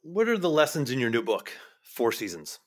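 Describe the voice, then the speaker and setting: Measured male podcast host. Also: medium pitch, huge pitch swings. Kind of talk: interview questions.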